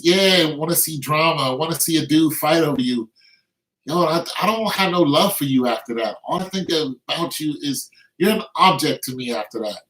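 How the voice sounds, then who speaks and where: Laughing through his tale, a bragging fifty-something man spins a relaxed, slang-filled story. The fairly high, slightly bright voice sounds distant from the microphone in a roomy recording.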